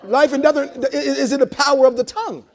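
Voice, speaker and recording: Male pastor with a very high voice, preaching in a loose, chatty sermon style with blunt jokes and call-and-response. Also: fairly even intonation, fast talker, a little mellow, some chatter behind. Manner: conversational preaching with frequent repeats and call-and-response; blunt, joking asides to the congregation. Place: church service held in a hotel venue.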